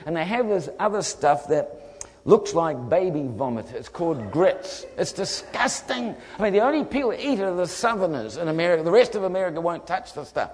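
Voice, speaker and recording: Kiwi guy preaching, funny storytelling, bit high voice, hall echo all around. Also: a little fast. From New Zealand. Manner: lively storyteller acting out voices. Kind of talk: humorous testimony sermon. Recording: long hall reverb.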